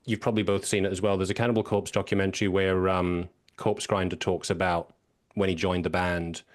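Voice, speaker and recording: A man hosting a podcast interview, talking in a thoughtful, relaxed and conversational way. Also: low voice, brisk. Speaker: podcast host. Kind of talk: casual interview chat.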